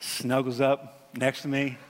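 A man in his thirties preaching a sermon in a conversational, animated storytelling way, with frequent fillers. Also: medium pitch, slow, big-room sound. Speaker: pastor.

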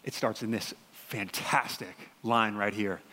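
A man in his thirties preaching a sermon in a conversational, animated storytelling way, with frequent fillers. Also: fairly low pitch, measured pace, in a large hall. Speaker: pastor.

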